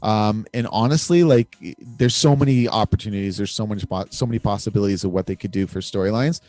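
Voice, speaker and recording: A man's voice: lowish voice, quick pace, dark tone, no echo. A man co-hosting a casual fan discussion show, rambling with many fillers and frequent laughs. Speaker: podcast co-host.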